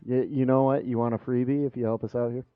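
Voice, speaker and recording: Joking player on dull voice chat. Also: male voice, medium pitch, level tone, fast talker, faint music behind. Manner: joking, playful. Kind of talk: casual game chat.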